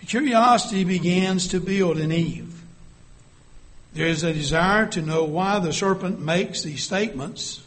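A man preaching a sermon, reading scripture aloud and dropping to a hush for vivid scenes. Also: high voice, measured pace.

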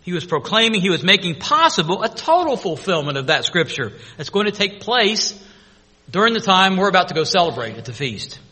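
A man preaching a sermon to his congregation, swinging between loud proclamation and hushed, intimate storytelling. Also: high voice, sing-song, fairly quick, husky, in a large hall. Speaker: pastor.

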